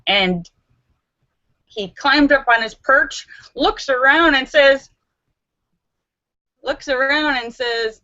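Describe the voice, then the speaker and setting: A woman hosting a casual live stream and reading out viewer jokes in a giggly, animated way. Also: sits high, takes it slowly, long pauses, dull audio. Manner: giggly and animated, breaks into laughter.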